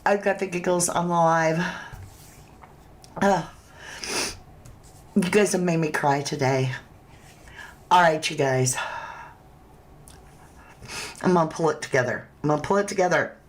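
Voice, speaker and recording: A woman with a lowish voice hosts a relaxed livestream chat. She takes her time, talks to viewers like friends, and reads out their comments as she goes. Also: unhurried, long pauses. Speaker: true crime livestream host.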